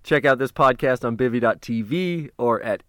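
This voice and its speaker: Animated man telling a story, dry sound. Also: medium pitch, moderate pace, dry recording. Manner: animated, acts out quotes in a raised voice; swears casually. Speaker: podcast host. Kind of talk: casual storytelling.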